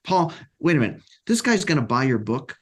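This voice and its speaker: A man's voice: mid-range voice, very animated, fairly quick. A man doing his nagging inner doubter. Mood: doubting. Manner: needling, doubtful.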